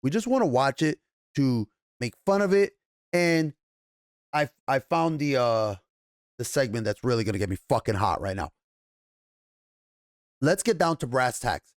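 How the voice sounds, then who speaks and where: A man's voice: mid-range voice, lively intonation, a little slow, long pauses, dry recording, studio quality. A young man reviewing a TV episode in an angry, profanity-heavy rant, stumbling and restarting as he gets worked up. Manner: swears constantly, stammers and restarts when agitated. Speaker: TV show reviewer.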